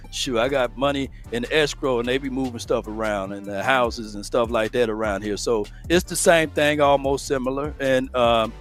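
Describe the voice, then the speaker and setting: A man's voice: medium pitch, fairly even intonation, moderate pace, hardly any pauses, faint music behind. A man co-hosting a casual sports talk stream, chatty and explaining at length with laughs. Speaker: co-host, legal analyst.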